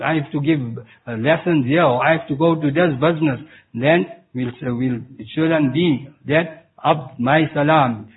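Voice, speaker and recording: Husky-voiced man preaching over a tinny line. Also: on the high side. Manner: halting, with many restarts and Arabic recitation. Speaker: Sufi preacher. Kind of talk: Islamic sermon. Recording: tinny phone-like recording.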